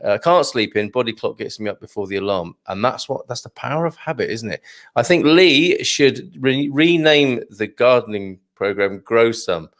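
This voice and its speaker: A man's voice: mid-range voice, lively intonation, moderate pace, fairly bright tone. A middle-aged man hosting a live morning stream, chatting casually through viewer comments and cracking corny dad jokes. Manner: chatty and jokey, tells corny dad jokes, chuckles often. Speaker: live show host reading viewer comments.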